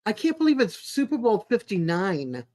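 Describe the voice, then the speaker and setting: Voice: medium pitch, very animated, moderate pace, warm tone. An adult live streamer in casual, rambling chat, greeting viewers by name and making homey small talk with plenty of fillers. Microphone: home streaming mic, no camera.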